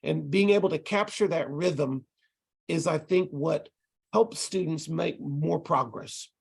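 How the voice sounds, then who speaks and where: Guy lecturing tutors over a video call, kinda gravelly and husky, explains things patiently. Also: on the high side, measured pace. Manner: explanatory, demonstrates rhythm by chanting syllables. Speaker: ESL instructor training tutors. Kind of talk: online lecture.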